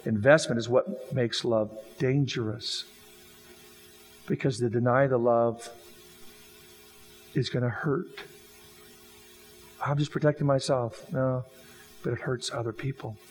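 A man preaching a sermon, telling jokey stories and acting out the quoted lines. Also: medium pitch. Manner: animated, jokey storytelling with acted-out quotes. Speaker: pastor. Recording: long reverb of a hall.

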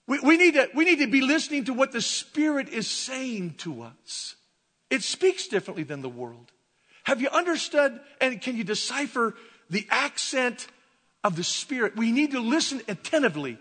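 High, bright-voiced man preaching. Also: big pitch swings, normal speed, slightly rough. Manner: preachy and dramatic, swinging from shouts to hushed asides. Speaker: pastor. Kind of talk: sermon. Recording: long hall reverb.

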